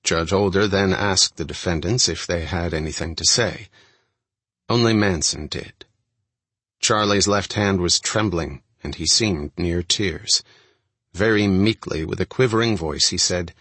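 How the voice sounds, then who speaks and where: A man narrating a first-person true-crime audiobook in a steady, measured reading. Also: low voice, husky, dry recording.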